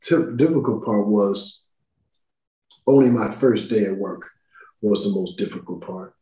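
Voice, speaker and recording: A man, a podcast guest who is an actor, telling stories in a casual, profane, animated way and acting out quotes. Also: fairly low pitch, unhurried. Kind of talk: casual storytelling interview. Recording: roomy echo.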